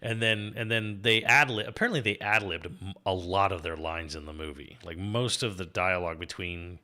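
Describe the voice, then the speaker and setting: A man chatting casually on a gaming live stream, telling a rambling, animated story with restarts and swearing. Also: sits low, moderate pace.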